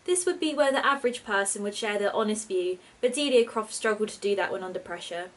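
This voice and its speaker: A woman reading her own storybook aloud in a steady, expressive narration. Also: medium pitch, a little fast, hardly any pauses, poor audio.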